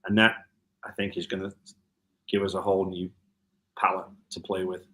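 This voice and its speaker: A man from Liverpool speaks in a somewhat low voice, his Scouse accent blended with an American lilt. He tells road stories in a relaxed, rambling way, full of ums and self-corrections. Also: moderate pace. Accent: Liverpool (Scouse), with some American mixed in. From Liverpool, England. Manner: rambling storyteller, many ums and restarts. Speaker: guitar tech. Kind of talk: casual interview chat.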